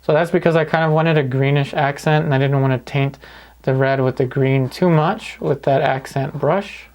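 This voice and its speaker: A man calmly talking through each step of a painting lesson in an easygoing way. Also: mid-range voice, moderate pace. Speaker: painting instructor. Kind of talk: paint-along tutorial narration.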